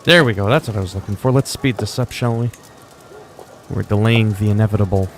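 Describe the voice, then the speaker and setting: A man casually commentates while streaming a strategy game, brash and profane, now and then slipping into mock-regal lines. His voice is fairly low and a little fast. Faint game music and slight background noise sit behind him.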